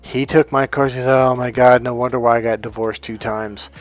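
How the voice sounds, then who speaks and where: A man's voice: medium pitch, fairly even intonation, a little fast. A man talking as a dating coach, emphatic, swearing now and then and acting out the voices of people he quotes. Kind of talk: coaching talk to camera.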